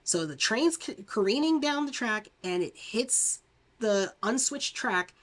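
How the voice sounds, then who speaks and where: A woman's voice: a little high, lively intonation, unhurried, fairly bright tone. A woman reviewing horror movies, recapping a plot in a rambling, chatty way full of fillers and restarts, laughing often and acting out the characters' lines.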